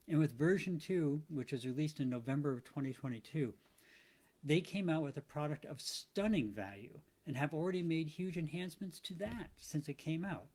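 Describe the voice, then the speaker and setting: Male host, slightly raised pitch, casual reflective monologue, thinks aloud with restarts. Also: darkish tone. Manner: thoughtful, rambling, with frequent restarts. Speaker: motivational podcast host.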